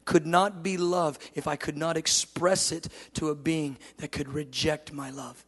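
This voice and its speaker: A man voicing God as a gentle, fatherly deity who speaks softly and patiently, sometimes in a whisper, in a long hall reverb. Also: on the high side, measured pace. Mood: tender. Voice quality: soft, hushed, at times whispered. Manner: calm, patient questioning.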